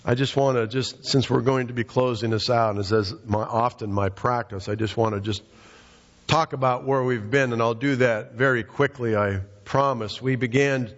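A man's voice: medium pitch, steady tone, normal speed. A male pastor preaching a sermon in a conversational, storytelling way. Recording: dull, echoey hall recording.

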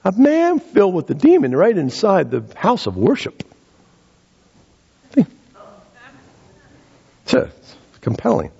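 A man preaching a sermon as pastor, earnest, repeating words and rising in pitch for emphasis. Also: huge pitch swings, takes it slowly, creaky, pauses often, warm tone, slightly rough, lo-fi sound.

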